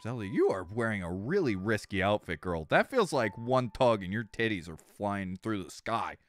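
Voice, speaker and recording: Brief: excitable male game streamer, clear smooth voice, lively chatter. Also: lowish voice, normal speed. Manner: excitable, swears, jumps to shouts and chatty tangents. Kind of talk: let's play commentary.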